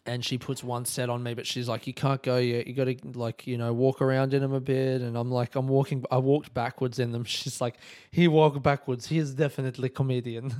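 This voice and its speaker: A man's voice: mid-range voice, completely flat delivery, brisk, hardly any pauses, darkish tone, smooth. Rambling, swearing young Australian man. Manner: rambling, self-correcting, swears often, laughs at himself. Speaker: comedian and travel podcaster. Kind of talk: casual travel diary chat.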